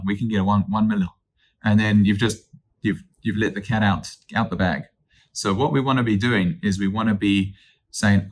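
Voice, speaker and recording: A man, a real estate agent teaching cold calling in an upbeat, energetic way that acts out phone calls. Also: lowish voice, normal speed. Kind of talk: instructional talk.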